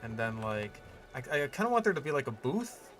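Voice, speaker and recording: A man's voice: medium pitch, big pitch swings, a little fast. Man musing over his game build. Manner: musing, rambling, lots of fillers. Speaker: gaming channel host. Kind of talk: casual game commentary.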